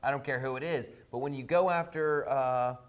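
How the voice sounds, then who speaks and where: A man from Ohio, a comedian and talk show host, talking in a loud, joking, animated way as a guest in a casual interview. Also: mid-range voice, moderate pace. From Ohio, USA.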